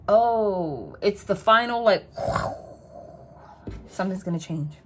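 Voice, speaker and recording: A woman's voice: mid-range voice, animated, slow pace, long pauses, fairly bright tone, a little hiss or hum. A woman giving a tarot reading to her viewers, chatty and emphatic, repeating phrases again and again. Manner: chatty and spontaneous, talks straight to the viewer. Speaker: tarot reader.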